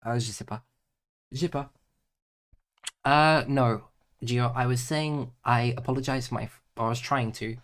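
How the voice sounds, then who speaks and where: A man's voice: mid-range voice, measured pace, pauses often. Man muttering through homework on stream. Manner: mutters to himself, playful nonsense words, chats with viewers; drifts between loud bursts and quiet mumbling. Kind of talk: casual livestream chat.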